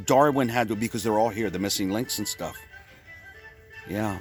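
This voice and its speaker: A man from Pennsylvania telling a rambling comic story, full of stumbling restarts and deadpan exaggeration. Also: medium pitch, normal speed, soft background music. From Pennsylvania, USA. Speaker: comedian.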